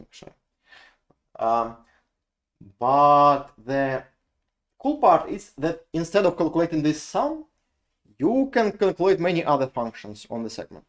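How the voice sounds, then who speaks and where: A man with a Russian accent giving a university lecture on code, often restarting and repeating words as he works through examples. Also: fairly high pitch. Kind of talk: live lecture explaining code.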